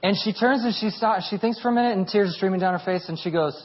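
A man in his thirties preaching a sermon as a pastor, telling stories in an animated, humorous way. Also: high-pitched, fast talker, slightly rough, highs cut off.

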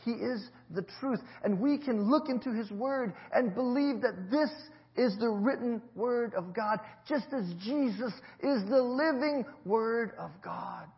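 High-voiced man preaching, lo-fi. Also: a little slow, hardly any pauses. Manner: storytelling preacher, swings between loud emphasis and low quiet. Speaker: pastor. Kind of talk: sermon.

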